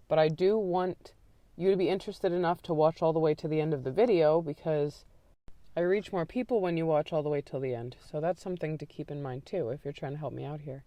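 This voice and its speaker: A woman hosting a true crime channel, chatting to viewers in a rambling, self-deprecating way before narrating a case in a calmer, soothing delivery. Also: sits low, no echo. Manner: aims for a calm, sleepy ASMR-like delivery in the story.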